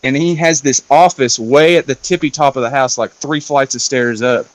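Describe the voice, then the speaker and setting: Speaking in a mid-range voice at normal speed, a man taking part as a guest in a casual round-table talk gives a loose, profanity-laced retelling of a movie plot, heavy on fillers. There's no room sound in the recording.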